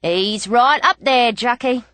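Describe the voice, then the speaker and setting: A man's voice: very high voice, slow pace, sharp tone, smooth, no room sound, heavily acted. A woman reader voicing a small, cocky male jockey of about thirty with a Cockney accent and an easygoing, drawling way of talking. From London.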